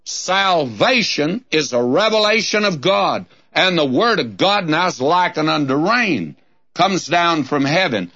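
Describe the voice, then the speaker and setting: A man's voice: on the high side, big pitch swings, measured pace, pushed and bright. A man teaching the Bible on a taped radio program, reading scripture aloud in King James cadence and calling his listeners friend in a folksy way. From Southern California. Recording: dull lo-fi tape recording.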